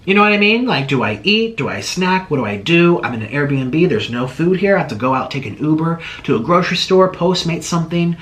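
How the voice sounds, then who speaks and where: Animated man rambling an apology. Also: fairly high pitch, fairly quick, few pauses. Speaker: online video creator. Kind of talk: casual apology monologue.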